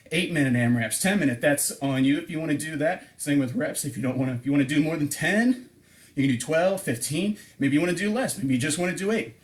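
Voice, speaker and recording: A man coaching a home workout, counting reps and explaining exercises, a bit out of breath as he works out along. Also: fairly high pitch. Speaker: fitness coach. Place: home room with table and couch. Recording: echoey room, distant mic.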